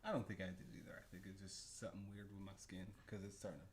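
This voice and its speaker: A man co-hosting a casual podcast with his wife, playful and teasing, getting excitable. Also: sits low, fast talker, slight background noise. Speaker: podcast co-host. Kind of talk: casual couple's podcast chat.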